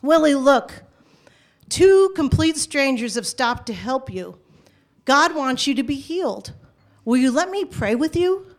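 A woman quoting a man who stops to help a stranger, speaking in her own voice with clear, calm, gently insistent questions. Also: high voice, unhurried, exaggerated voice. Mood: earnest. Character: calm, earnest male street helper.

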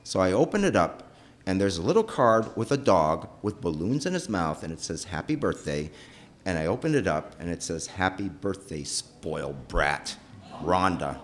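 A middle-aged man telling a personal story with emotion. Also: moderate pace. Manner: emotional, animated, pitch rising and falling sharply.

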